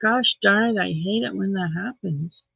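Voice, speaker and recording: A woman with a medium-pitched, creaky voice and a breathy edge speaks at a moderate pace with no echo. She's hosting a casual livestream, tired and yawning, drifting through self-deprecating chatter with viewers over tinny, phone-like audio.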